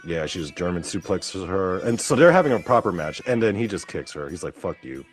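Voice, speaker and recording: A man hosting a show, giving casual, profane, excitable commentary as he watches a clip. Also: deep voice, fairly quick, faint music behind. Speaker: podcast host.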